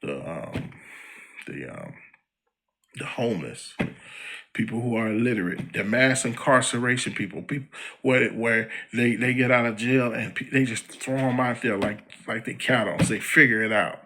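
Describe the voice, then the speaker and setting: A man's voice: medium pitch, fairly quick. A man hosting a podcast, giving a slangy, heated commentary monologue aimed at a public figure. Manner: slangy and animated, addressing a celebrity directly. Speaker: podcast host.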